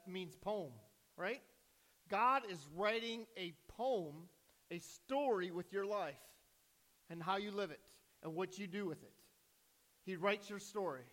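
High-voiced man preaching a sermon. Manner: preaching with sudden loud rises and hushed drops. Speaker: pastor.

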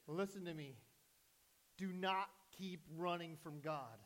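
Male pastor, higher-pitched voice, sermon delivery with quiet drops and loud surges. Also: slow pace, a little hiss or hum. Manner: preaching with sudden loud rises and hushed drops.

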